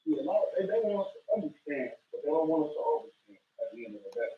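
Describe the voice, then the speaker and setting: A man's voice: on the high side, expressive, rapid-fire. A man from Omaha speaking as a chef guest on a radio show, earnest and repetitive, stretching words out for emphasis. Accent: Omaha, Nebraska. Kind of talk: casual radio chat. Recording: roomy, distant and dull-sounding mic.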